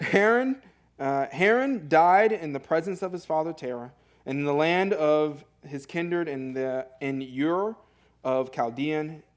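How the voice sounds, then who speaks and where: A man's voice: a little high, measured pace. A young man preaching a sermon in a church, in a conversational, earnest way with fillers and self-corrections. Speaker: pastor. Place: church sanctuary.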